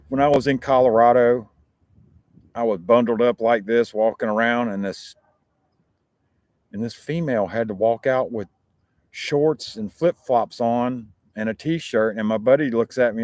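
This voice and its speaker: A man's voice: mid-range voice, moderate pace, a little mellow, dry recording. A man with an American accent, hosting a talk show and chatting casually to his viewers in a rambling, profane way. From United States.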